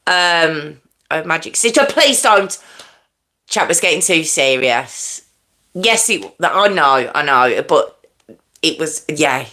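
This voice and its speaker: Bright, chatty woman livestreaming. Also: low voice, lively intonation, slow pace. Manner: chatty, self-mocking, laughs often. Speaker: livestream host. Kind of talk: casual live chat with viewers. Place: at home with a fan nearby.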